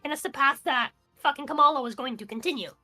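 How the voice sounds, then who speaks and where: A high-voiced woman co-hosts a casual political news chat, ranting heatedly with plenty of swearing and restarts. Her voice is bright and sharp, and faint music plays behind her. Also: fast talker. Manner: heated and profane, with many restarts. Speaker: co-host of a news talk stream.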